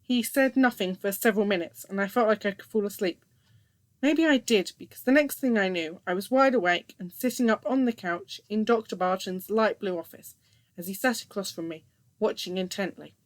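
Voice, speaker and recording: A woman narrating a first-person story in a steady, scripted reading voice. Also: mid-range voice, moderate pace, no room sound.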